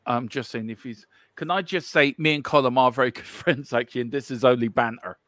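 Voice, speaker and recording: A man's voice: medium pitch, brisk, a bit bright, dry recording. Teasing Irishman from Cork, dry close sound. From Ireland. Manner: teasing, laughing, rambling with many fillers. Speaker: co-host of a football watchalong stream. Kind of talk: casual live-stream banter.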